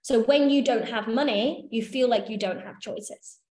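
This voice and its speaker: A woman with a fairly high, darkish voice speaks at a normal pace while leading a workshop. She teaches casually and chattily, swearing offhand and checking that her listeners are following. The room sounds echoey.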